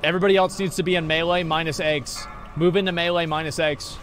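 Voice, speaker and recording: A man streaming a video game, talking excitedly, swearing, and repeating himself as he plays. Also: a little high, fast, a little hiss or hum. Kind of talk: live-stream gaming commentary.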